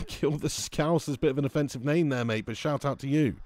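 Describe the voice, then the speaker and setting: A young man streaming a football video game, excitedly commenting, swearing at his players and greeting viewers in chat. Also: a little high, brisk, no echo. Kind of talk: live game commentary and chat shout-outs.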